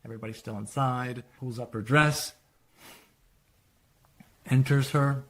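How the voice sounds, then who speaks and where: Animated man pitching a screenplay. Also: a little slow. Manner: animated retelling, quoting characters.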